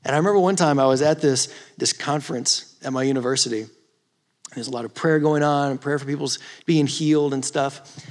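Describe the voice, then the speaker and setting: A man preaching a youth ministry sermon, rising from quiet storytelling to impassioned, emphatic exhortation. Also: mid-range voice, brisk. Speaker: youth pastor. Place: church or youth hall.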